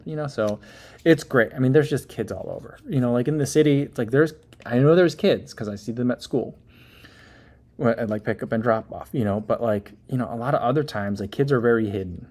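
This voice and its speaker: A man's voice: mid-range voice, darkish tone. A man in his thirties hosting a casual livestream, reading viewer comments and chatting in a rambling way with many fillers and small laughs. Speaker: livestream host reading chat.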